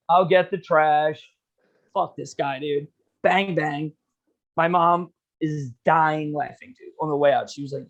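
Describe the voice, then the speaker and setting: A young man joking crudely and telling stories in a casual podcast chat. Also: fairly high pitch. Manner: joking, crude, quick interjections. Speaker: podcast co-host.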